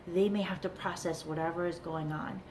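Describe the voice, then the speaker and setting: Speaking to camera, this middle-aged parenting coach offers earnest advice and leans on repeated key words. Her voice sits low with a darkish tone, fairly even intonation and normal speed, over slight background noise.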